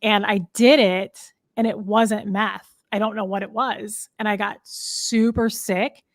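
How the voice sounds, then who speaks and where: A woman in her thirties, a podcast guest, tells a personal story in a casual interview, frank and rambling with lots of fillers and restarts. Her voice is medium-pitched and steady, her pace measured, and the studio-quality recording has no echo.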